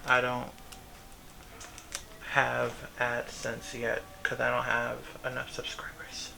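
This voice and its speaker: Gravelly New man, rambling chat. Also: medium pitch, completely flat delivery, slow pace, rough recording. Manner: chatty, rambling, talks to himself. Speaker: vlogger. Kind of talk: casual talk to camera. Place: home sewing area. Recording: background music under voice.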